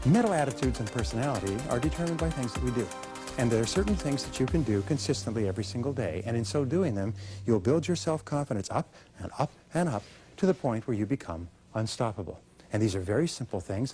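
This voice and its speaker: An energetic man speaks at a motivational seminar, addressing a live audience directly. His delivery is animated and he slips into quoted voices now and then. A faint bed of music plays behind him. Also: mid-range voice.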